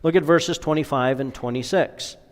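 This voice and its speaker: A male pastor preaching with a fairly high voice and a long reverb trailing each phrase. He leans on rhetorical questions, swelling to emphatic peaks and then sinking to near-whispers. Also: moderate pace. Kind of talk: sermon.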